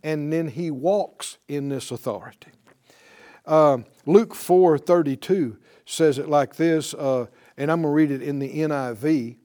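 A man teaches a Bible lesson in an emphatic preaching style, rising on key words and calling on his audience to respond. His voice is warm and a little high, and he speaks a little slowly.

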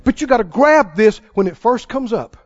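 A man preaching a sermon as pastor, fervent, with sudden bursts of loud praise. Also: very high voice, expressive, normal speed, dry recording, dull audio.

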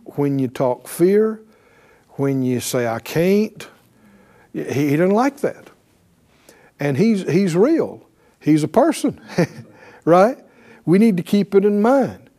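A man's voice: sits high, mellow. A man preaching a sermon, emphatic, often asking his listeners "right?" and reading scripture aloud. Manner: emphatic, calls for responses with "right?"; reads scripture aloud, shifts into voiced quotes.

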